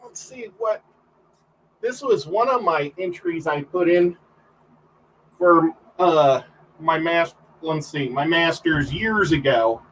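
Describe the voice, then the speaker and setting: A man's voice: fairly high pitch, takes it slowly, a bit bright, slight background noise, low-quality recording. A man, a photographer, guesting on a livestream and telling rambling stories in casual chat, full of fillers and restarts.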